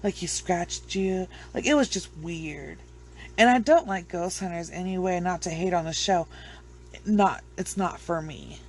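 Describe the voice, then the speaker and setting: A woman's voice: on the low side, lively intonation, normal speed, a little mellow. A woman with children chatting casually to her viewers, rambling, blunt and swearing freely. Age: adult with children. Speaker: true crime vlogger. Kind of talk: casual chat to camera.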